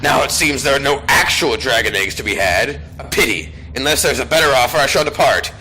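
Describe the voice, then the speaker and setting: A man voicing an arrogant ancient male demon lord, slow and menacing, reading game dialogue aloud. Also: mid-range voice, lively intonation, pushed and bright, a little hiss or hum, poor audio.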